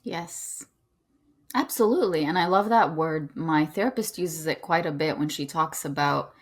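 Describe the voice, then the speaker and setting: A woman author who is a guest on a podcast, speaking earnestly and gently while she stresses her key points. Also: deep voice, normal speed. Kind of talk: conversational interview.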